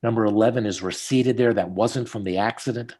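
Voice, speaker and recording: Brisk and lowish-voiced, a middle-aged dentist guides a student through cases during a relaxed video call. His teaching unfolds as storytelling, and he gets animated whenever he quotes someone.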